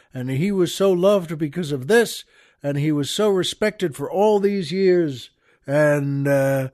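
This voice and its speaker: A man hosting a show, telling a long joke in an unhurried, folksy way and laughing at his own punchlines. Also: a little high, darkish tone, dry recording, studio quality. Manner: slow, folksy storyteller who chuckles at his own jokes. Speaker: podcast host. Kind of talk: joke telling and poetry reading.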